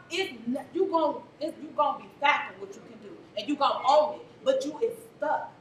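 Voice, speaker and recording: A woman's voice: high voice, expressive, fairly quick, few pauses. A woman therapist, giving an emphatic, preachy motivational talk to a live audience. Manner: preachy, emphatic, faith-infused encouragement. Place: event venue before a crowd. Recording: echoey room from far off, faint noise.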